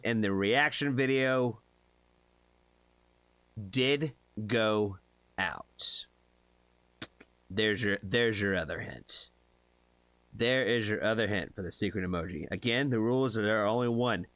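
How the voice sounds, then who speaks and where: Excitable swearing male streamer. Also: lowish voice, a little slow, pauses often, no room sound. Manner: excitable, swears often, chats with viewers. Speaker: music reaction streamer host. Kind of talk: casual live stream chat.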